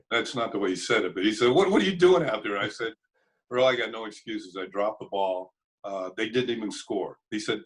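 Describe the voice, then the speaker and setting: An older man, a former ballplayer, telling relaxed anecdotes with chuckles in an interview. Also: lowish voice, poor audio. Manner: chuckling anecdotes, acts out quoted voices. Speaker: former ballplayer and broadcaster, guest. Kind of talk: casual storytelling interview.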